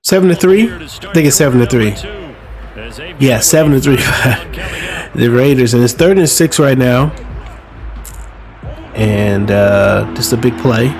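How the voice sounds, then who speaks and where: Slow-talking man narrating his football game. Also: mid-range voice, over music. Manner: relaxed, chatty, self-mocking with sudden excited outbursts. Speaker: podcast host playing a football video game. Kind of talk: casual play-by-play commentary while gaming. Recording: game crowd noise behind the voice. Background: stadium crowd sound from the game.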